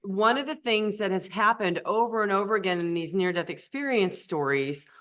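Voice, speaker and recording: A woman's voice: medium pitch, animated, normal speed, fairly bright tone. A woman podcast host who cuts in directly to ask her guest a question. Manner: interjecting, direct. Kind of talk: interview questions.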